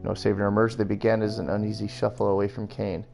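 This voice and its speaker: Low gravelly man reading a novel aloud. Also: little pitch movement, fast talker, a little mellow, faint music behind. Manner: plain narration broken by wry comments. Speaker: streamer.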